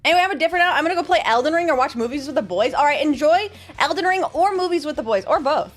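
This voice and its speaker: A woman's voice: high-pitched, animated, very fast, soft background music. A woman streamer chatting casually with her viewers, sarcastic and laughing often. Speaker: VTuber streamer. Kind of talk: casual stream chat reading viewer messages.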